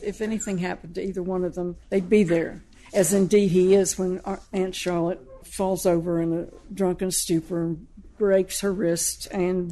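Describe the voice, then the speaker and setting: A woman's voice: lowish voice, mellow. Woman animatedly retelling her novel's plot. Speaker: novelist discussing her book. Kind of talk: conversational book discussion.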